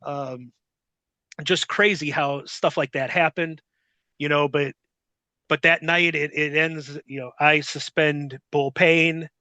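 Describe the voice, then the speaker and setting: Middle-aged guy swearing his way thru a rambling story, high bright voice, dry close sound. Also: slow pace, no echo. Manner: profane, rambling, animated retelling. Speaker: guest. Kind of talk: casual storytelling chat.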